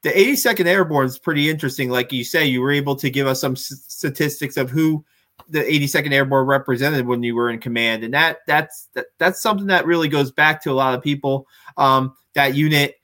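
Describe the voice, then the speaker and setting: A male podcast co-host asking questions in a halting, casual way with many restarts. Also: mid-range voice, bright, forceful tone. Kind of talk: casual interview talk.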